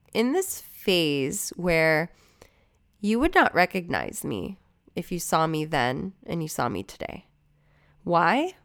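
A woman's voice: sits low, fairly bright tone, clear, resonant tone. A woman hosting her own podcast in a casual, chatty, rambling way, swearing freely and wandering into asides. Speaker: podcast host. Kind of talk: casual solo podcast chat.

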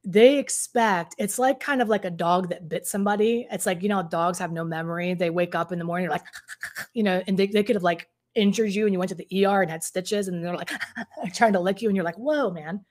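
A woman's voice: on the low side, fairly even intonation, quick pace, few pauses, a little mellow. A middle-aged woman coaching on a live stream. She chats with viewers, reads out their comments and acts out the voices of the people she quotes. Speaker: relationship coach.

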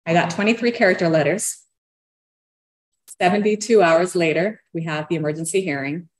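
A woman's voice: on the low side, moderate pace. A woman earnestly telling her own story, given to a nervous laugh. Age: adult parent of young children. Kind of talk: personal storytelling.

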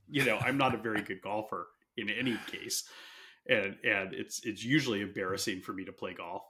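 A male podcast host with a low but bright, forceful voice. He speaks earnestly in an easy conversation, often restarting his phrases as he goes.

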